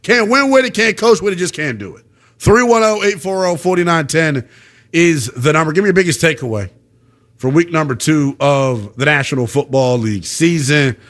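Young male sports-talk host, animated and slangy, voice pitched a bit high. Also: normal speed. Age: young adult.

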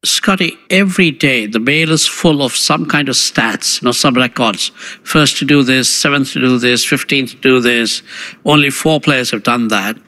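A man's voice: medium pitch, normal speed, pushed and bright. A man asking a long, listing question as a reporter at a press conference.

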